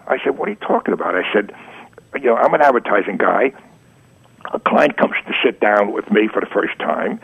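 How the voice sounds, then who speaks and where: Old guy in his 80s, gravelly and husky, lowish voice, lo-fi radio sound, acts out all the dialogue. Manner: animated storyteller acting out old conversations. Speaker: guest, advertising art director. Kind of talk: storytelling in a radio interview. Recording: lo-fi radio recording.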